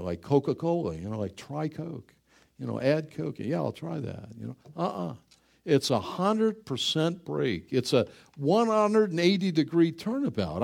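Speaking in a mid-range, darkish voice, the pastor's sermon feels like a conversation, full of questions to his listeners and words repeated for emphasis.

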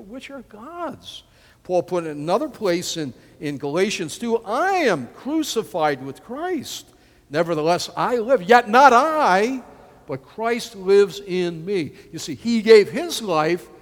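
Pastor guy preaching, lively voice all over, bit high, long church echo. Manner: animated, emphatic, with restarts. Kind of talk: sermon. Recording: long hall reverb.

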